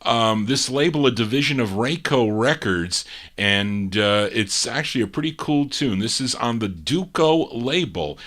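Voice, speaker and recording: Male radio DJ, easygoing, chatty, mid-pitched voice, filler words. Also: measured pace. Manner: relaxed, rambling, with frequent "uh" fillers. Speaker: oldies radio show host and DJ. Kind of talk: live DJ patter introducing record requests.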